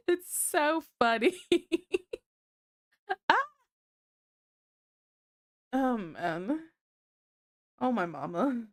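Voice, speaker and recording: A woman's voice: a little high, big pitch swings, extremely slow, pauses often, no room sound, studio quality. A young woman chatting casually on a livestream, sick with a blocked nose and sniffling, laughing often and easily. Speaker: streamer.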